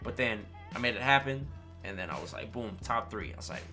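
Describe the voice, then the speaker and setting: A man chatting casually on a stream, telling a story in an animated way with slang and swearing and often checking in with his listeners. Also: medium pitch, fairly quick, faint music behind. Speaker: streamer and fighting game player. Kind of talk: casual chat.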